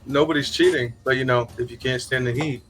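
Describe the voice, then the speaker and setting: A man's voice: medium pitch, fairly even intonation, brisk, a bit bright, faint music behind, poor audio. A man playing a tabletop game, giving short, casual replies. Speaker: player.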